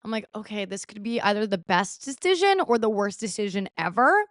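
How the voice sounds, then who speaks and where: An expressive, brisk, mid-range voice comes from a twenty-something woman hosting a podcast, in clean studio sound without echo. She tells her story casually, says "like" a lot, and dramatizes what people said.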